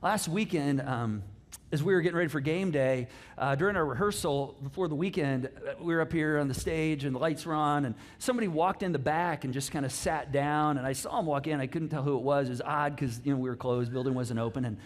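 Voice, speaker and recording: Animated high-voiced pastor. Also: male voice, fairly quick. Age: middle-aged. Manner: animated and chatty, with many restarts and asides. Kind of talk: conversational sermon.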